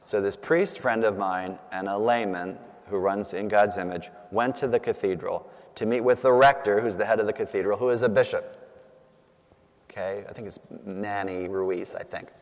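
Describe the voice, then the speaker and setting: A man's voice: on the low side, moderate pace, long reverb tail. A man, a priest, giving a conversational talk to a group, telling stories with asides and frequent fillers. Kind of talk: conversational public talk with storytelling.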